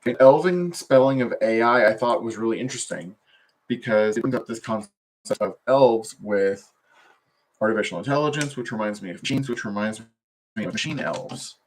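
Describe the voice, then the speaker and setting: A man with a somewhat low voice talks in a loose, wandering way on a solo stream, full of fillers and half-finished thoughts. He speaks from his desk at a computer. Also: moderate pace, slight background noise. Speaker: vlogger. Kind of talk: rambling solo livestream talk.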